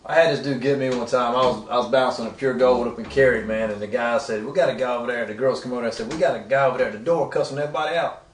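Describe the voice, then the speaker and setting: A man's voice: medium pitch, steady tone, rapid-fire, slight background noise. A man and former bouncer casually telling stories, quoting what others said to him. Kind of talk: casual storytelling. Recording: echoey room, mic at a distance.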